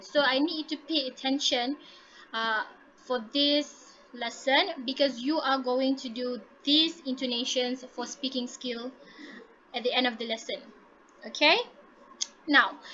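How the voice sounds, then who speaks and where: A woman's voice: sits high, bright, forceful tone, lo-fi sound, slight background noise. A woman teaching an English class online. She is encouraging, says "okay" again and again, and slips Malay words in. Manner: encouraging, repeats "okay" often, mixes in Malay. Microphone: laptop mic on a video call.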